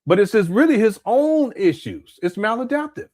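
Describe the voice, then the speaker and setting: A man's voice: sits high, very animated, normal speed, a little mellow. A man from Southern California talking casually as a live-stream commentary host, often repeating words and answering chat comments.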